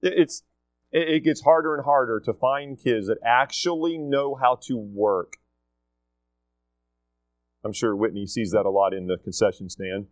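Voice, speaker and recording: A man's voice: mid-range voice, measured pace, long pauses, no echo. A middle-aged man gives a casual, emphatic talk to students, repeating his key points. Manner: emphatic, repeats key phrases, acts out quotes. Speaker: school leader addressing students.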